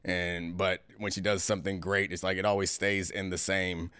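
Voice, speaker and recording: Middle-aged male host, very deep and smooth, thoughtful and halting, dry close sound. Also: little pitch movement, pushed and bright, no room sound. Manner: reflective, hesitant, many fillers. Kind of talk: casual chat.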